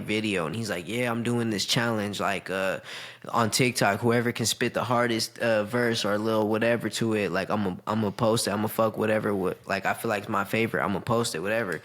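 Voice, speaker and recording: A man from Arizona with a somewhat low voice tells stories on a podcast. He is laid-back and casual, and he swears freely as he talks. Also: fairly bright tone. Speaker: rapper guest. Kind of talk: casual storytelling.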